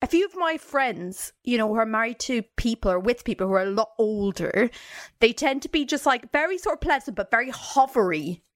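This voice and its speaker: A woman co-hosting a podcast, retelling a story in casual, animated chat, with frequent fillers and laughter. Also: on the high side, fairly quick. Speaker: podcast co-host and researcher.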